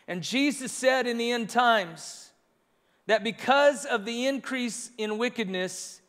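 A man preaching a sermon as pastor, earnest and repetitive in his phrasing. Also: high-pitched. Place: church sanctuary. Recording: long reverb of a large church hall.

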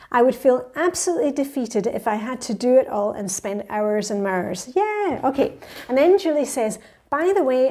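Lady in her 50s doing a chatty q&a vlog, kinda high voice, soft and mellow. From Scotland. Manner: chatty and enthusiastic, reads viewer comments aloud. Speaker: lifestyle vlogger. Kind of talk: chatty viewer Q&A.

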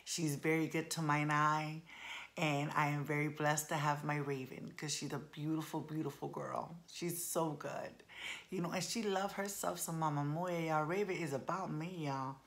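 A deep, steady female voice at a moderate pace belongs to a vlogger in her forties. She chats casually with her audience, addressing them as y'all and leaning on colloquial, playful slang.

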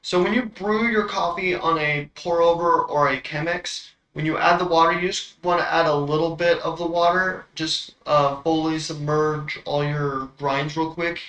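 A man hosts a coffee tasting, walking the viewer through brewing in a relaxed, explanatory way with plenty of fillers. His voice is a touch high and bright. The room around him sounds echoey. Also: normal speed, hardly any pauses. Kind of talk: casual instructional demo.

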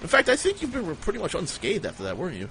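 A man's voice: high-pitched, wildly swooping pitch, very fast, slight background noise. A man hosting a livestream, telling crude comic tall tales in a rambling, swearing style. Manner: rambling, swears a lot, jumps into loud quoted voices. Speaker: livestream storyteller, host.

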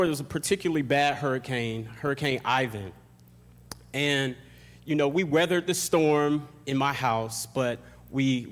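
A young man from Florida preaching a sermon, moving from hushed, slow prayer to building intensity as he preaches. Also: medium pitch, in a large hall. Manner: reads scripture, then prays slowly and hushed, then preaches with rising intensity. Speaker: pastor. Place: church sanctuary.

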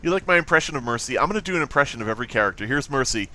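A man's voice: mid-range voice, rapid-fire, hardly any pauses. A man streaming a video game live, playful and swearing, giggling and humming nonsense to himself as he plays. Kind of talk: live gameplay commentary. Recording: loud game sounds behind voice. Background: video game effects and voice lines.

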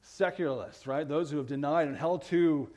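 A male pastor preaching a sermon, earnest, often checking in with the congregation and moving between loud emphatic lines and quiet low ones. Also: normal speed. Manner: earnest preaching, keeps asking the congregation "right?".

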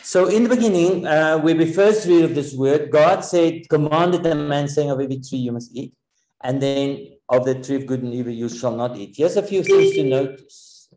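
A man's voice: on the high side, dark tone. Earnest male preacher in an echoey room. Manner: earnest, explanatory, pausing often with fillers. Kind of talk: sermon.

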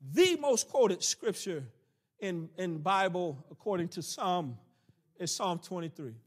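A man's voice: high-pitched, lively intonation, measured pace. A man teaching a church Bible study in preaching style, stretching key phrases for emphasis and dropping in folksy country asides.

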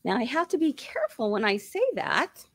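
A woman hosting a live sewing tutorial, bubbly and chatty and laughing often, her voice slightly hoarse. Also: fairly high pitch, sing-song, fairly quick, no room sound. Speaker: quilt shop host.

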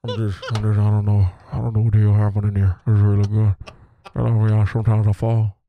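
A man voicing a huge, bumbling male athlete who rambles loudly in a low mumble. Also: completely flat delivery, quick pace, highs cut off, noisy background, close to an everyday voice. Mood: rambling. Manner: deep mumbling, loud and rambling.

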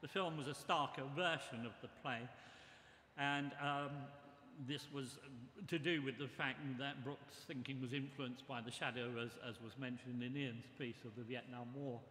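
Older guy, bright sharp voice, slow measured memorial speech, big echoey hall. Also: medium pitch, steady tone, slight background noise. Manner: measured, reminiscing delivery. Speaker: memorial speaker. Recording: echoey hall with long reverb.

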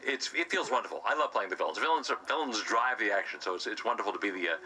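Male stage actor, playful and self-mocking, bright lower voice, handheld interview mic. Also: lively intonation, rapid-fire, rough recording. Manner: playful, slips into his villain's self-important voice. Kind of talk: casual interview chat.

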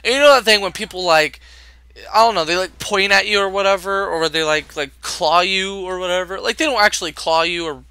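A man's voice: sits high, brisk, sharp tone, smooth, no echo. A young man working a retail service desk, telling customer stories in an exasperated, profanity-laced rant. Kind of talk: ranting storytime vlog.

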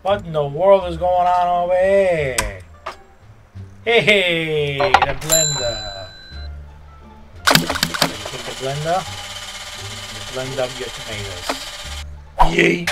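A man's voice: fairly high pitch, animated. A man doing a swaggering Italian-American mobster. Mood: instructive. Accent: Italian-American New York mobster. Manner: tough-guy, swaggering, quick to pick fights. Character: brash middle-aged male Italian-American mobster. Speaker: gaming YouTuber. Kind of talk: in-character comedic gameplay commentary. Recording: roomy echo with game music behind.

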